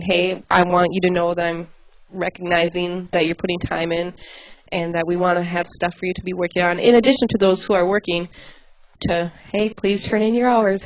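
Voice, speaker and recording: Fast-talking chatty woman coordinator. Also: lowish voice, dull audio. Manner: fast, chatty, laughs easily. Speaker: volunteer coordinator. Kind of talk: casual livestream address.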